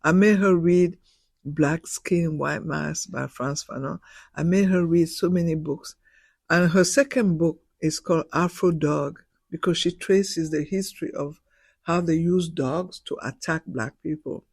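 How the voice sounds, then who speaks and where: A woman's voice: low-pitched, unhurried, vocal fry, darkish tone, slightly rough, no echo. A woman in her sixties, a professor interviewed as a guest, telling personal stories with heartfelt emotion, close to tears and stumbling over repeated words. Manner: heartfelt, restarts and repeats words when moved. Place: indoor radio studio.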